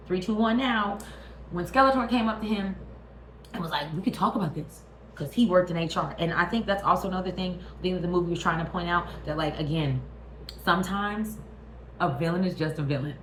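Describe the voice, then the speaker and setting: A woman's voice: medium pitch, a little hiss or hum. A woman hosting her own channel, ranting casually and profanely about a movie while checking in with the viewer. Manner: animated, profane, talks straight at the viewer. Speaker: vlog host. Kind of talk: casual movie review rant. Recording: roomy echo.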